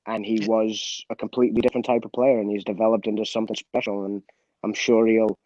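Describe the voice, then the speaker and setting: Low-voiced man telling a candid story. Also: quick pace, no echo, muffled recording. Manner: relaxed, candid, many restarts and quoted dialogue. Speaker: former footballer, interview guest. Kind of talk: casual storytelling interview.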